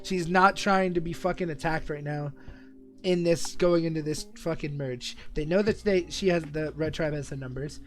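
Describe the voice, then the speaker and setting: Excitable young man streaming, swearing freely. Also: a little high, moderate pace, faint music behind. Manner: excitable, profane, rambling banter with frequent laughs. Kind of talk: live stream reaction commentary.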